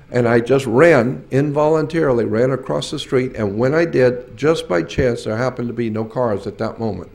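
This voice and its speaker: A man's voice: medium pitch, normal speed, gravelly, a little mellow. A man of sixty-seven giving an earnest, emphatic talk at a symposium, telling personal stories with repeated phrases. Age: 60s. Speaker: symposium speaker.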